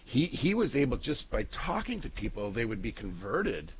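A man's voice: mid-range voice, very animated, normal speed, a little hiss or hum, poor audio. A male co-host of a Catholic talk show, chatty and jokey, trailing off and restarting often. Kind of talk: casual radio-style chat.

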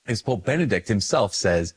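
A man, a Catholic priest, giving an animated, self-deprecating faith talk, his pitch jumping up when he gets excited. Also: slightly rough.

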